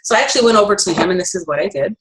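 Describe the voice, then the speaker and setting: A woman's voice: medium pitch, very fast, background noise. A middle-aged woman presenting essential oils, telling a personal story in a chatty way with fillers and self-corrections.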